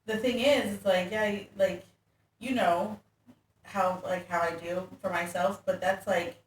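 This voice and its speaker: A woman's voice: medium pitch, fairly even intonation, unhurried. A woman who is a guest in a casual interview, talking candidly with many fillers. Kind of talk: casual chat. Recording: roomy echo from a distance, faint ambience.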